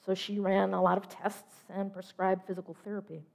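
A middle-aged woman giving a measured, reflective sermon, trailing off softly at the ends of phrases. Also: medium pitch, little pitch movement, creaky. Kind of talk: sermon storytelling.

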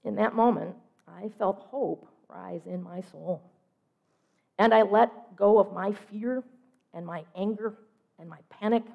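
A middle-aged woman giving a measured, reflective sermon, trailing off softly at the ends of phrases. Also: mid-range voice, gravelly, lo-fi sound. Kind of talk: sermon storytelling.

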